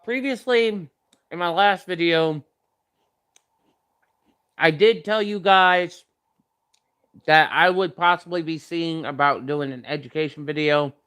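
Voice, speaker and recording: A man's voice: a little high, slow pace, pauses often, sharp tone, smooth. A young man chatting casually while tasting snacks, rambling with many fillers and talking with his mouth full. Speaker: vlogger.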